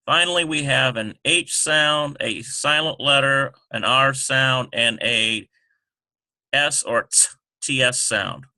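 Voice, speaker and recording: A man teaching a lesson over a screen recording, talking haltingly with many ums and self-corrections. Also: mid-range voice, pushed and bright, no room sound.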